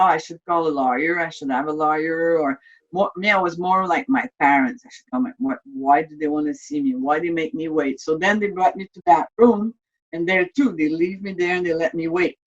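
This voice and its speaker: Halting French-native woman, heard from afar. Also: fairly low pitch. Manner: halting, repeats words and restarts sentences; earnest, openly emotional recounting. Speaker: interviewee. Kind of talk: personal testimony interview. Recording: distant, slightly dull mic sound.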